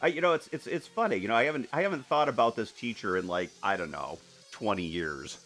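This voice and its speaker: An artist streams a live painting session, talking to viewers as he works in a fairly low, fairly bright voice with lively intonation and a fast pace. He rambles and puts himself down, restarting often and laughing a lot, while faint music plays behind him.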